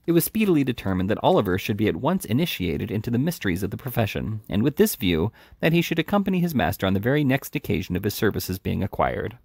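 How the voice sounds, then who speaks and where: A man reading a classic novel aloud in an unhurried, lively way, with small slips and restarts. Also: fairly low pitch, gravelly, husky, no echo. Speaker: reader.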